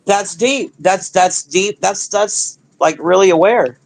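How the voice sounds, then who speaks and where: A man chats casually as a guest on a live stream, asking friendly, curious questions. His voice is high for a man and gravelly, with a dry sound. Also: slow, no echo. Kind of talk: casual conversation.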